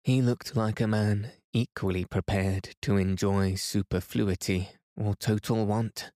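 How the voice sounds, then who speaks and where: A man reads a bedtime story in a calm, soft, even way. His voice is mellow and a touch low, and he goes very slowly. The sound is close and dry. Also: no room sound. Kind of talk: calm sleep-story reading.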